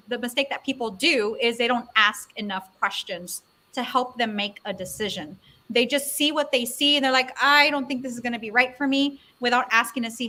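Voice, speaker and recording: A woman's voice: fairly high pitch, pushed and bright. A woman co-hosting a real estate live stream over a video call, chatting casually and encouragingly. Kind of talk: casual chat.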